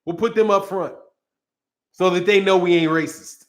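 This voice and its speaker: A man with a high voice rants about boxing in a loose, casual way. He rambles and repeats himself, and his sarcasm keeps breaking into laughter. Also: fairly even intonation, moderate pace. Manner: sarcastic, mocking. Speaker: boxing channel host.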